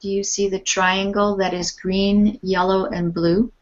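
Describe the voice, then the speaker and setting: A Canadian woman takes an online English class through its vocabulary, slowly and patiently. She sounds out each word with care and encourages her students. The call audio is dull and lo-fi. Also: mid-range voice, flat delivery. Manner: encouraging, models words carefully. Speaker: English teacher. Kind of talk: online language lesson. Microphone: video call.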